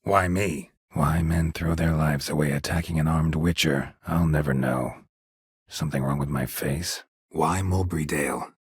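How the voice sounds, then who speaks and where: Geralt, gruff terse monster hunter. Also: male voice, fairly even intonation, normal speed, no echo, full character voice. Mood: terse, dry. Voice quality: husky, gravelly low voice. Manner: clipped, laconic, dry sarcasm. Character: gruff middle-aged male monster hunter, terse and dry. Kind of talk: game voice acting. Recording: dry close studio recording.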